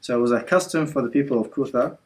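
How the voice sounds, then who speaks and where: A man's voice: medium pitch, fast, slight background noise, poor audio. A man teaching a religious class in an indoor community centre. He tells the story casually, with many fillers, and drops in Arabic words. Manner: retells scenes with quotes and frequent fillers; code-switches with Arabic words.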